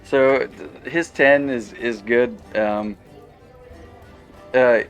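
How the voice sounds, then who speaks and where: A male game master describes the scene at an unhurried pace. He stumbles through his sentences with fillers and small laughs, keeping an easygoing flow. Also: medium pitch, steady tone, soft background music. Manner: halting, with many fillers and light laughs. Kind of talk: narrating a tabletop game.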